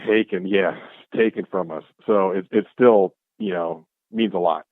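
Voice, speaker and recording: A man guest chatting casually, telling stories in an excitable way and acting out the back-and-forth. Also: sits low, a little slow, creaky, no echo. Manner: excitable, acts out quoted exchanges. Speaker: guest, clothing brand founder. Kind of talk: casual storytelling chat. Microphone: call audio. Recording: tinny phone-like call line.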